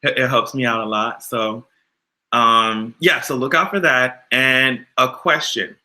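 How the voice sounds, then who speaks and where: A man hosting a casual livestream, animated and exasperated, swearing freely and answering his chat. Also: mid-range voice, a little slow. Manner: animated, exasperated, profane, talks back to chat. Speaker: YouTube livestream host.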